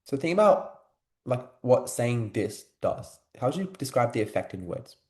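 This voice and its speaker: A man's voice: medium pitch, big pitch swings, normal speed, darkish tone. Casual young man tutoring, echoey room. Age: young adult. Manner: casual, filler-heavy, asks students questions. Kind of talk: live online class teaching.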